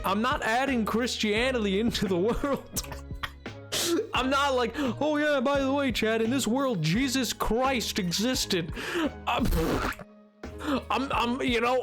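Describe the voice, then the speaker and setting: High-voiced young man chatting on stream. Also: fairly bright tone. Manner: rambling, self-mocking, talks to chat. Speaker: live streamer. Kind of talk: casual gameplay stream chat.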